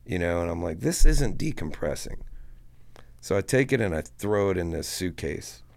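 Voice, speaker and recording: A man telling a story to a podcast host in a casual, profane, animated way, acting out what people said. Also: sits low, a little fast, gravelly. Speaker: guest musician.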